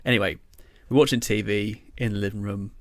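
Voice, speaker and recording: A man's voice: fairly low pitch, fairly even intonation, fairly quick, dry recording, clean studio sound. A young man co-hosting a podcast, telling stories in a rambling, casual way full of fillers and swearing. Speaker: podcast co-host. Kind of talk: casual chat.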